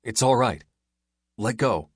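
A man voicing a quiet, reluctant soldier who speaks urgently and steadily, in an audiobook. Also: medium pitch, expressive, takes it slowly, husky, no room sound, clean studio sound, voice pushed up. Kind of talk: audiobook character voice.

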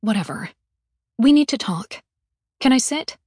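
A woman reading an audiobook, voicing a blunt, sarcastic young heroine who snaps back fast. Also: a little high, expressive, a little mellow, breathy edge, no room sound, studio quality. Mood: snappy. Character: brash, impatient young woman on a space station.

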